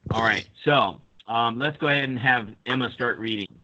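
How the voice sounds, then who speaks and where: A man's voice: mid-range voice, normal speed, pushed and bright, lo-fi sound. A man teaching an online grammar class, explaining step by step and calling on students.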